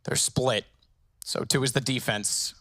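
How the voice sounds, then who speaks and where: A man calling an esports match, quick and excitable, often correcting himself mid-sentence. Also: mid-range voice, dry recording, studio quality. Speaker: esports caster. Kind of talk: play-by-play commentary.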